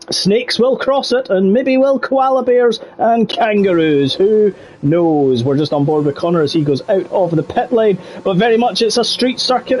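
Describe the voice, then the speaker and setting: A Scottish man doing jokey, rambling live commentary for an online racing league. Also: high-pitched. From Scotland. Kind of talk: live esports race commentary.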